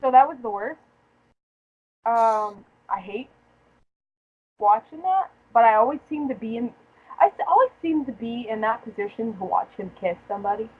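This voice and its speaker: A woman's voice: a little high, lively intonation, moderate pace, long pauses, breathy edge, low-quality recording. A young woman hosting a podcast, telling a casual story in a profane, joking way and laughing often. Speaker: podcast host. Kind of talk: casual chat.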